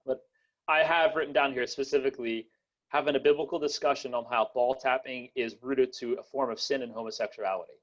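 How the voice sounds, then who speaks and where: A man's voice: mid-range voice, steady tone, fairly quick. A young man hosts a casual podcast chat, rambling through stories with lots of fillers and restarts. His voice sits in a middling register. The sound is dull and lo-fi. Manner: rambling, many fillers and restarts, laughs often. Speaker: podcast host.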